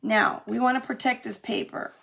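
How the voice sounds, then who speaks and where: A woman's voice: on the high side, fairly even intonation, moderate pace, vocal fry, fairly bright tone, a little hiss or hum. A middle-aged woman from California chatting through a live craft demo, laughing often and answering viewer comments as she works. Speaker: craft demonstrator on a live stream.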